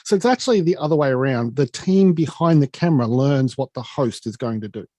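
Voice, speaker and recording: A man's voice: mid-range voice, lively intonation, brisk, warm tone, no echo. A man who works as a director, speaking as a panelist on a video call in a direct, explanatory way. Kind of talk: casual panel discussion.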